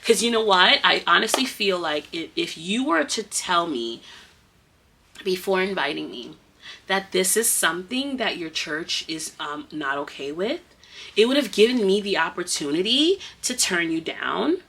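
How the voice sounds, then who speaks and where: Bright, husky-voiced woman telling a story. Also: measured pace. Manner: animated, emotional retelling with big swings in pitch; casual, addresses viewers as y'all. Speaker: kindergarten teacher. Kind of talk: story time vlog.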